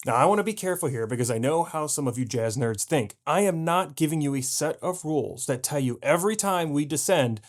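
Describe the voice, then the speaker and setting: A man's voice: fairly high pitch, lively intonation, fairly quick, few pauses. A man teaching a jazz piano lesson, explaining patiently and scatting rhythms aloud to show them. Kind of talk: video lesson.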